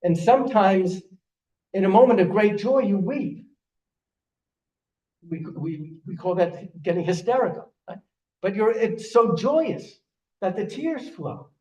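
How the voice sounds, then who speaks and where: An older rabbi delivers a sermon in a synagogue sanctuary, earnestly telling stories and restarting his words again and again. His high, dark-toned voice is animated but a little slow, with long pauses. The lo-fi recording is echoey and picks him up from a distance.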